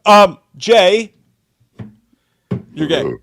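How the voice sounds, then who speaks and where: A man co-hosting a live movie chat stream, joking and swearing through excitable rants. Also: sits high, drawn-out words, creaky, no room sound, studio quality. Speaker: co-host of a live movie show.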